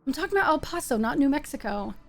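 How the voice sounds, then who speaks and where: A woman's voice: sits high, sing-song, quick pace, gravelly. A woman hosting a live stream, chatting playfully with her viewers while she plays a game. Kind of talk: casual live-stream chat while gaming.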